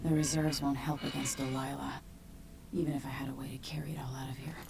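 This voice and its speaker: An actress voicing a grim, determined young deposed empress in a video game, speaking in a hushed, whispery way. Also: female voice, very deep voice, level tone, fast talker, creaky, very noisy.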